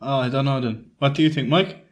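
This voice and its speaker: A man co-hosting a comedy podcast with deadpan, quick retorts. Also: mid-range voice. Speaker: podcast co-host. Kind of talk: casual comedy chat.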